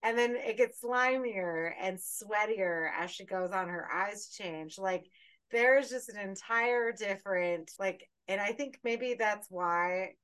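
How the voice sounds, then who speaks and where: A woman co-hosting a casual podcast chat, with a voice at an ordinary middle pitch. She talks in an animated way, laughs often and swears freely. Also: slow, smooth. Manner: animated, laughing, profane storytelling. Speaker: podcast co-host.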